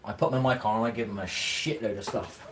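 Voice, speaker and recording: A man chatting casually on a live stream while eating, colloquial and quick to laugh. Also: lowish voice, steady tone, a bit bright, a little hiss or hum. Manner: chatty, laughs often, mouth full at times; colloquial, swears freely.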